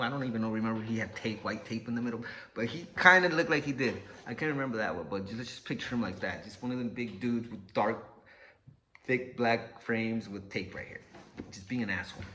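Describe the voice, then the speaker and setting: A man's voice: lowish voice, bright, forceful tone, slight background noise. A man telling a personal story casually, cursing often and acting out what people said. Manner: profane, laid-back, acts out quotes.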